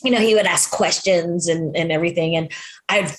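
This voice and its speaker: Laughing woman from Hawaii, softened Pidgin accent. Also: on the low side, a little fast. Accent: Hawaiian Pidgin, held back. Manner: laughs often, chatty and self-deprecating. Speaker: guest. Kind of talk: casual interview chat. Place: at home in Hawaii, on a remote call.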